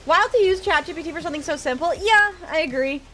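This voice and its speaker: A woman's voice: very high-pitched, quick pace, a bit bright, slight background noise. A woman streaming from home, chatting casually and teasing her viewers in chat.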